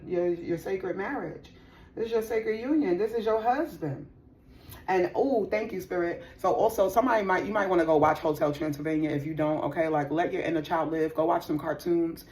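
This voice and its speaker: A woman doing a casual tarot reading for viewers, slangy and profane, talking with lots of feeling and laughing often. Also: fairly low pitch. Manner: slangy, profane, animated and emotional; laughs often, addresses viewers as sis and y'all. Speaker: tarot reader.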